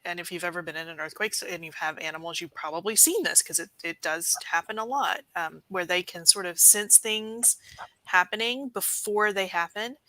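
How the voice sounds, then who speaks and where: A woman with a lowish but bright voice thinks aloud on a video call. She speaks in a thoughtful, hedging way, weighing possibilities. Her sound is dry and close, with no room around it. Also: moderate pace, dry recording, rough recording. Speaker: paranormal investigator on a panel. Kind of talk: casual panel discussion.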